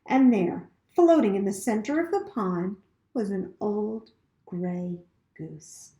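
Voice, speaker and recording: A woman reading a children's novel aloud with expressive storytelling. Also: mid-range voice, slow, roomy sound. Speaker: reader.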